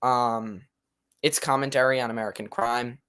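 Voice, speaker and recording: A young man on a casual film podcast, mid-pitched and even. He hedges his opinions, piling on ums and qualifiers before he commits to a point. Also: moderate pace, clean tone. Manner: hedging, lots of ums and qualifiers. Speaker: podcast co-host.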